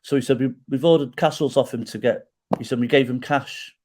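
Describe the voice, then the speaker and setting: A middle-aged man spinning a personal story on a podcast, voice of medium pitch. He acts out everyone's lines as he goes and keeps tagging his points with a quick "right?". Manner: animated storyteller who acts out quoted dialogue and tags lines with "right?". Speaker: podcast guest.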